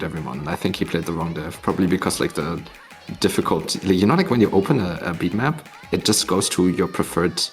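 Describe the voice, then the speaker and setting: A man casually talking through tournament maps on a live stream, rambling with many fillers and restarts. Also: low voice. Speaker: tournament mappool showcaser.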